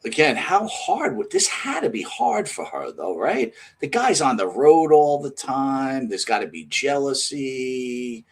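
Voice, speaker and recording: A man co-hosting a wrestling interview show, talking excitably and stumbling over restarts. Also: medium pitch, unhurried, hardly any pauses, slight background noise. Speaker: podcast co-host. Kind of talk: conversational interview.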